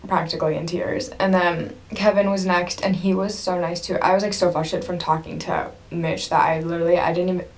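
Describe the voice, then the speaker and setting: A woman's voice: lowish voice, level tone, a little fast, hardly any pauses. A young woman vlogging casually to camera, gushing and rambling with lots of "like" and "literally".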